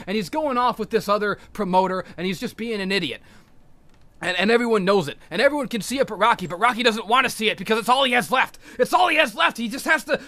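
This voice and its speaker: High, bright-voiced male podcast host, rambling excitedly, swears a lot. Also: dry recording. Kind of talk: casual podcast chat.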